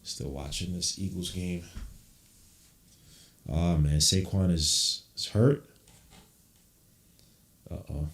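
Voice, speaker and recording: A man hosting a podcast, giving casual live play-by-play with loose slang and excited outbursts. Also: low voice, takes it slowly, long pauses, echoey room. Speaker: podcast host. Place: room at home on camera.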